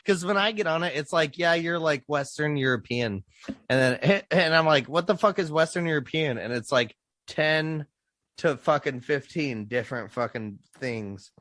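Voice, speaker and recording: A man's voice: on the high side, normal speed, no echo. A man co-hosting a podcast, telling stories in casual chat, swearing a lot and laughing. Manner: profane, animated storytelling with laughs. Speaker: podcast co-host.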